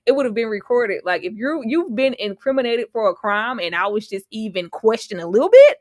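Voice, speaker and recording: A woman's voice: on the high side, a little fast, no echo. A woman co-hosting a casual TV review chat, laughing often and reading viewer comments aloud. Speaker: co-host reviewing a TV episode.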